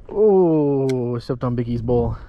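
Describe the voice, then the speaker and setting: A man's voice: mid-range voice, animated, slow, lo-fi sound, slight background noise. Easygoing man vlogging from a boat. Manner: easygoing, chatty, talks affectionately to his dog. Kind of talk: casual outdoor vlog chat. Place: small boat on a lake outdoors.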